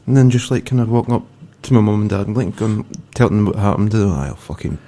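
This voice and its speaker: A man's voice: lowish voice, steady tone, fast talker, warm tone. A British man on a podcast, telling a childhood story in casual chat, laid-back and swearing now and then. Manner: laid-back, swears, laughs through his own anecdote. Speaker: podcast co-host.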